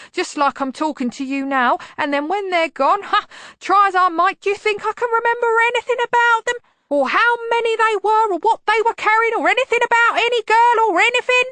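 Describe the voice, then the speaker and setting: A woman reading an audiobook voices a nervous male cart driver who babbles in a high-pitched wheeze. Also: no room sound. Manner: babbling, loud and squeaky.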